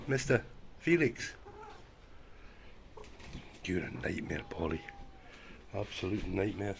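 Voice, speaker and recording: A man's voice: deep voice, very animated, slow, gravelly, a little hiss or hum. A man filming his rescue cats, talking to them in a coaxing, affectionate way. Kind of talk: casual talk to animals.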